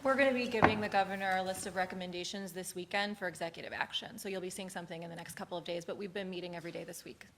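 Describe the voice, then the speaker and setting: A woman aide fires off quick, matter-of-fact answers to reporters. Her voice sits low, with a little room noise behind her. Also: fairly even intonation. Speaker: aide at press briefing. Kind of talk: briefing answers.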